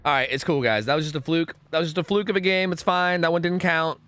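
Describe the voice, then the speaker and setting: A young man streaming a video game, rambling and swearing, swinging between groans and excited outbursts. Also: on the high side, fast talker, clean tone. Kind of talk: live gameplay commentary.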